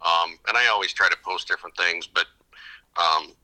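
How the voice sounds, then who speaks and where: A man's voice: sits low, steady tone, moderate pace, pushed and bright, rough recording. A middle-aged man, a fishing guide, telling stories in casual interview chat, rambling with many restarts. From upper Midwest of the United States. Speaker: fishing guide and podcast guest.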